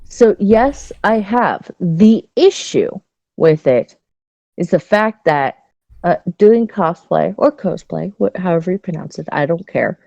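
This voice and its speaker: A woman's voice: fairly low pitch, expressive, unhurried, warm tone, dry recording. A woman co-hosting a podcast, chatting candidly and bawdily with many restarts. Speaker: podcast co-host. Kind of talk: casual chat. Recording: dull lo-fi dry sound.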